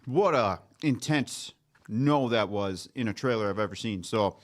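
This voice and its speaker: A man's voice: fairly low pitch, lively intonation, unhurried. Man addressing viewers as folks. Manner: addresses viewers as folks, talks with mouth full. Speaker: podcast co-host. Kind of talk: casual chat.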